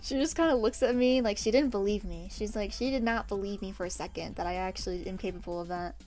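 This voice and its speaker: A woman's voice: mid-range voice, fast, a little mellow, soft background music. A young woman streaming while she draws, telling stories in a casual chat full of swearing and laughs. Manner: chatty storytelling with swearing and laughs. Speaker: VTuber streamer.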